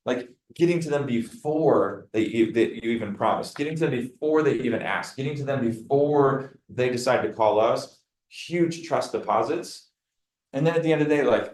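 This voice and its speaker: Man, team leader, coaching talk, acts out client lines, middle pitch, echoey room. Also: normal speed, a little hiss or hum. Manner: animated, acts out client dialogue. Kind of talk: meeting talk. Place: meeting room.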